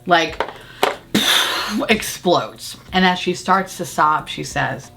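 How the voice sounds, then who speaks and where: A woman's voice: lowish voice, very slow, vocal fry, bright, forceful tone. A woman casually recapping a reality show, sarcastic, swearing freely and laughing often as she acts out quotes.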